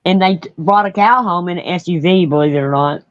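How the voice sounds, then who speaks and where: A woman's voice: lowish voice, a little fast, no echo. A middle-aged woman hosting a casual chat, folksy and blunt, laughing often. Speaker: host. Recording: dull lo-fi sound.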